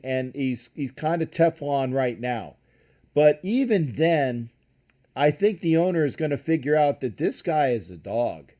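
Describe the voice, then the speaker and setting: An older man with a fairly high, warm voice hosts a casual live-streamed sports talk show. He rambles and swears, with lots of false starts and restarts.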